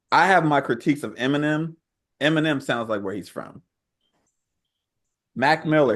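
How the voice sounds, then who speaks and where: A man co-hosting a podcast, giving firm opinions in a laid-back slangy casual chat. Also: on the low side. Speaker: podcast co-host.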